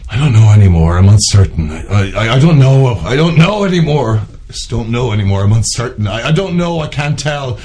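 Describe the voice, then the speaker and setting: An actor playing a desperate man at his wits' end, who repeats himself and swings between mutters and shouts. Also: mid-range voice, very animated, brisk, hardly any pauses, lightly acted. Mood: frantic. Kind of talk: film acting.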